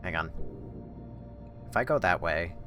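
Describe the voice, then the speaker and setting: Deep-voiced joking male game streamer. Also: animated, unhurried, faint music behind. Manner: joking, talks to himself and chat, sudden loud outbursts. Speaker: streamer playing a video game. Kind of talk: live gameplay commentary.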